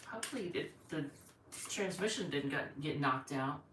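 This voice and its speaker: A woman's voice: low voice, animated, moderate pace, fairly bright tone, recorded from a distance. A woman giving a rambling, chatty tarot reading on a live stream from home, thinking aloud as she goes. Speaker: tarot reader. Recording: echoey room, voice off-mic, faint noise.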